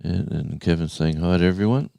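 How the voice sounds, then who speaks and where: A man in his sixties, hosting a casual live stream, rambling and halting as he reads out the viewers' chat. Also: low voice, creaky, warm tone, dry recording. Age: 60s. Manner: rambling, halting, with many restarts and fillers.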